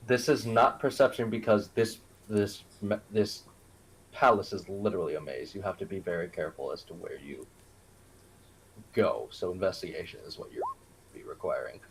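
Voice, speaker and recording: A man narrating as game master in a live-streamed tabletop game, relaxed and chuckling as he explains the rules. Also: low-pitched, normal speed, gravelly, a little hiss or hum, poor audio.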